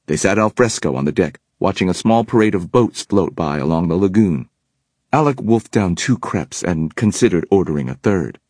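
Very deep, husky male narrator. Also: no echo. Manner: steady storytelling. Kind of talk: scripted audiobook narration.

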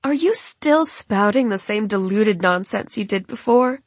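A woman's voice: medium pitch, lively intonation, unhurried, dry recording. A woman voicing Chief Elena, icy villain. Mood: scornful. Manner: scornful, icy and mocking. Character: cold, cruel woman chief, a ruthless villain.

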